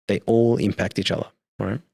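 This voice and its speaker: A man's voice: on the low side, flat delivery, brisk, creaky, darkish tone, husky. A man, a priest, explaining things earnestly in a podcast discussion and checking in with "right?". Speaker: priest guest.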